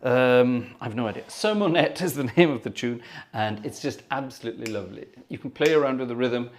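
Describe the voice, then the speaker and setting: A man's voice: medium pitch, expressive, a little fast. Chatty man hosting an organ livestream. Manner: chatty, effusive, thanks viewers by name. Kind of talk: live-stream chat between organ tunes.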